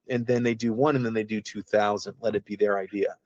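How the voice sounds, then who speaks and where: Talking quickly in a steady, darkish, low-leaning voice, an app founder shows off his app in a casual screen-share on a video call. He rambles in a folksy way and breaks into his own sentences. The recording is dry and muffled.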